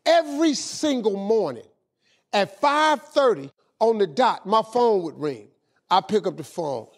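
Animated high-pitched storytelling man. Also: unhurried. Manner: animated, repeats "man" as filler. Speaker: motivational speaker. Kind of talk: storytelling speech.

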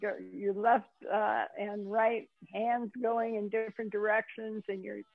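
A woman hosting an interview, chatting slowly and enthusiastically. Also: mid-range voice, flat delivery, creaky. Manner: slow and enthusiastic. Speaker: host. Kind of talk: casual interview chat. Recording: tinny phone-like line.

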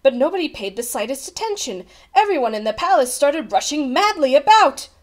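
High, animated woman reading a storybook. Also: fairly quick. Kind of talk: reading a children's picture book aloud.

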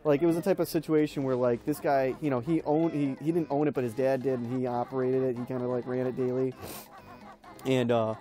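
Rambling laid-back gamer guy, mellow voice. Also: medium pitch, steady tone, brisk. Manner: rambling, laughing storyteller with many fillers. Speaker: let's play host. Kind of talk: casual gameplay commentary.

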